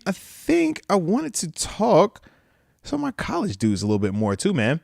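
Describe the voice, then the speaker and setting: Man in his thirties, live-stream football host, casual slangy chatter, animated swinging pitch, dry close mic. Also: normal speed, creaky, no room sound. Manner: loose and slangy, with a constant "man" filler; animated, with playful asides. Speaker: host of a football talk livestream. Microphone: close microphone that picks up breaths.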